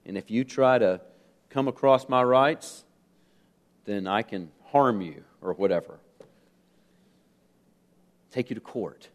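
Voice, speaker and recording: A man's voice: fairly low pitch, slow, pauses often. A man from the United States preaching a sermon, earnest and emphatic, putting questions to the congregation, with fillers and restarts. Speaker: pastor.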